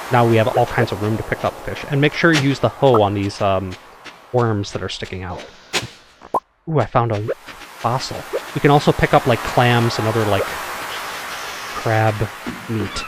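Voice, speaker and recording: A man's voice: mid-range voice, normal speed, long pauses, noisy background. A man with a Midwestern American accent, chatting casually and reflectively while playing a game, hedging and restarting his sentences. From United States. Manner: rambling and reflective, full of hedges and restarts. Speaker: co-host, gamer. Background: game music.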